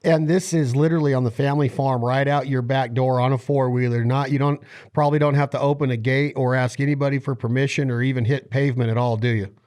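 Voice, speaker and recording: A man's voice: medium pitch, fairly even intonation, fast talker, darkish tone. A man hosting a podcast, asking questions in an enthusiastic, loosely phrased casual way. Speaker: podcast host. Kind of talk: casual interview chat.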